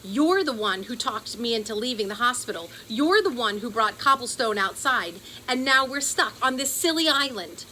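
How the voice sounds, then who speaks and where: A woman voicing an anxious young boy whose voice turns high and screechy when upset. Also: lively intonation, moderate pace, hardly any pauses, sharp tone, a little hiss or hum, low-quality recording. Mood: accusing.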